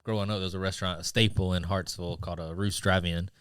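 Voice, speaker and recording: A young man from South Carolina co-hosts a casual podcast and rambles happily through stories. He talks fast in a deep voice. The sound is dry and close-miked. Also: flat delivery, a bit bright, clean tone, no room sound. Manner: storytelling, rambling. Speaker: podcast co-host. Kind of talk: casual chat.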